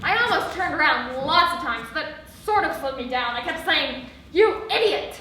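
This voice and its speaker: A nervous, bumbling young soldier stammers through his report, played by a teenage girl on a school stage. The voice is high and bright, carried from afar through a very echoey theatre hall. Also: lively intonation, moderate pace. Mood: flustered. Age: teens. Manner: rambling, giggly, flustered. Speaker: student actor. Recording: echoey hall, distant stage mic, faint hiss.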